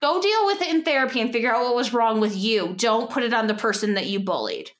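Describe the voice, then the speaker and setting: Young female co-host, slightly high voice, chatty, filler-heavy advice talk. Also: lively intonation, quick pace, reverberant. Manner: chatty storyteller, lots of fillers and acted quotes. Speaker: podcast co-host. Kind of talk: casual advice chat.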